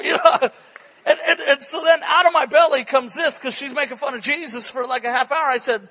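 At a church conference, a male preacher tells a story in an animated, excitable sermon, erupting in bursts of shouting. His voice is extremely high-pitched, brisk and slightly rough, and the audio quality is poor.

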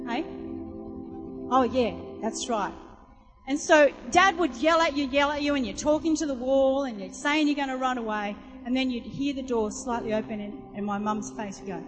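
A woman preacher with a high voice, telling homely stories and calling out questions to her listeners. Her voice rings with a long hall reverb. Music plays clearly underneath. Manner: chatty storytelling, asks the audience questions. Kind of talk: sermon.

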